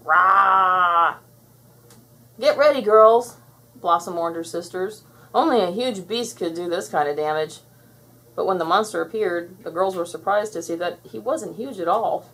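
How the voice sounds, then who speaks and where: A woman narrating a children's storybook aloud in an expressive, clear storytelling manner. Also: on the low side, moderate pace, low-quality recording. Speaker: storybook reader.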